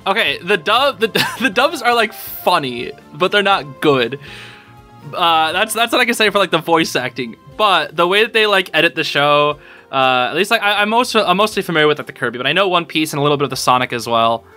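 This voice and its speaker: Male podcast host, slightly high, bright voice, rambling and excitable in casual chat. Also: brisk, faint music behind. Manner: excitable, rambling, laughs often.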